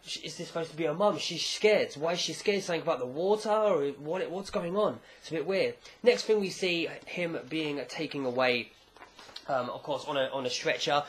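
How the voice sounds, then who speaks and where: A man casually recapping a comic chapter, rambling and animated, with jokey asides. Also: on the high side. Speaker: manga chapter reviewer.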